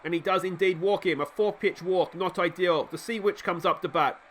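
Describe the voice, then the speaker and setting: Excitable high-voiced Australian man commentating. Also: normal speed, a little hiss or hum. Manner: excitable, chatty, often addresses the viewer and himself. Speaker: video game let's play host. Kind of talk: play-by-play commentary of a baseball sim.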